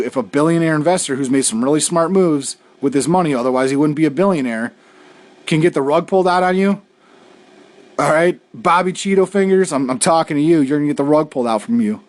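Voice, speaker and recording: A man hosting a casual video show, talking in an easygoing, reassuring way and often tagging on "all right". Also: a little high. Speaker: host.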